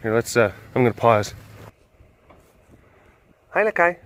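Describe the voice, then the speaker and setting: Man, vlog host, casual storytelling, rambling with fillers, lively pitch. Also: measured pace. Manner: rambling, animated, lots of fillers. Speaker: vlog host, animal keeper.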